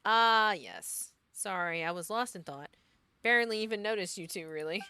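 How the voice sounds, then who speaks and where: A woman's voice: mid-range voice, expressive, moderate pace, pushed and bright, clean tone. A woman reading as a forgetful scholarly adventurer man. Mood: musing.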